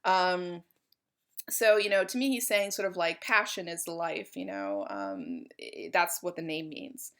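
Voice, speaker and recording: Woman art history lecturer, college lecture, informal, lots of um and uh, lowish pitch. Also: animated, unhurried, a bit bright. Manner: chatty and informal, with frequent fillers.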